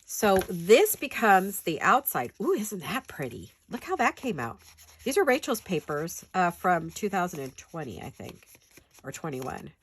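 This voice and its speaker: A woman's voice: fairly low pitch, very animated, unhurried, husky. A woman with a stuffed-up nose from a head cold gives a chatty, rambling, self-deprecating paper-craft tutorial in her home studio.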